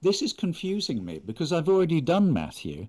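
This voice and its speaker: A man's voice: a little high, huge pitch swings, brisk, warm tone. A man from England chatting casually and playfully on a live stream while he signs prints for fans. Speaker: actor signing prints for fans.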